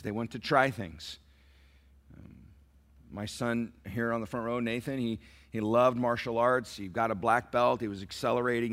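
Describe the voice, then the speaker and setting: A middle-aged man delivers a sermon in a mid-range voice. He drops to soft, near-whispered lines, then climbs to loud, emphatic peaks. He acts out the dialogue in the stories he tells. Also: mid-range voice. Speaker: pastor.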